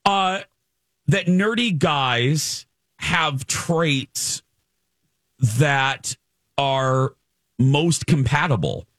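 A man's voice: fairly high pitch, drawn-out words, long pauses, a bit bright, no echo. A man hosting a morning radio show, joking easily and steering the segments along. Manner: jokey, easygoing, leads the segments. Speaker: radio host. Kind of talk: casual morning radio banter.

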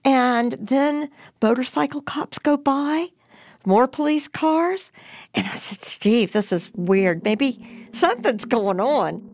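A woman telling a personal story in an interview, emphatic and animated. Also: sits high, slow pace, no room sound, studio quality. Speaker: storyteller guest.

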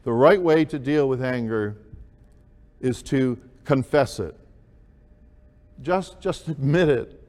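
A man delivers a sermon at an unhurried, deliberate pace, leaning into key words with emphatic rises. His voice sits a little high for a man. The sound carries a long reverb, as if in a large hall. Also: animated. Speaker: pastor.

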